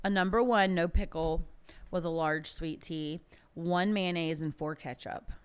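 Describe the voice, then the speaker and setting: Young woman on a podcast, smooth clear voice, tells funny stories and laughs a lot. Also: lowish voice, a little slow. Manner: animated storytelling, laughs a lot. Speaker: podcast guest. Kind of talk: casual chat.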